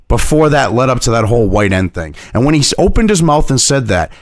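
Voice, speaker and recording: A man's voice: medium pitch, sing-song, quick pace, no room sound, studio quality. A man ranting as an online commentator, heated and mocking, swearing constantly. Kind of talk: profane opinion rant.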